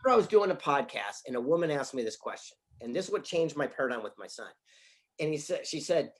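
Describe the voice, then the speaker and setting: A man, an author and speaker, answering interview questions with animated stories and acted-out dialogue from his office. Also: on the high side, fast. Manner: animated storyteller, acts out quoted dialogue.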